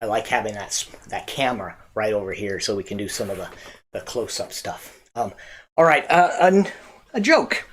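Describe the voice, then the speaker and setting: A man hosting a church comedy night, telling corny jokes in a halting way with many fillers and restarts. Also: fairly low pitch, animated, fairly bright tone. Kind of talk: casual joke telling to camera.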